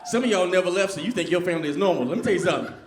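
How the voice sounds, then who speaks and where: A man performs stand-up in a lively, conversational way, often turning to question the crowd. His voice sits high for a man. It is recorded on a comedy club stage with a roomy echo. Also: racing, noisy background. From Southern US. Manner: animated, conversational, quizzes the crowd. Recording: echoey club room.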